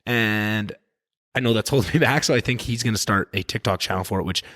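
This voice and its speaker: A man hosting a podcast, talking in a loose, rambling, animated way and swearing freely. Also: fairly low pitch, fairly quick, no echo, studio quality. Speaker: podcast host. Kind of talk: casual podcast chat.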